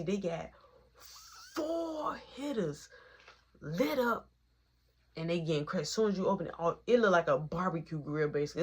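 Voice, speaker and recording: A woman's voice: sits low, slightly rough. A woman casually telling a long personal story in slang, acting out each quoted line of dialogue in its own voice.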